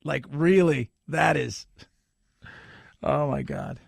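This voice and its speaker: A man hosting a talk radio show, ranting sarcastically and breaking into sudden shouts. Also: mid-range voice, expressive, takes it slowly, creaky, pauses often, husky, no room sound, clean studio sound. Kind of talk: opinionated talk radio rant.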